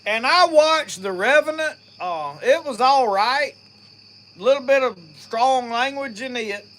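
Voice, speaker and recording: A man's voice: extremely high pitch, animated, measured pace, pushed and bright. A middle-aged man with a Mississippi accent, hosting an outdoors live stream and chatting with viewers in a rambling, folksy way. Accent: Southern US, Mississippi. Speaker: outdoors channel host. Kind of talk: casual live-stream chat. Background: faint crickets and insects.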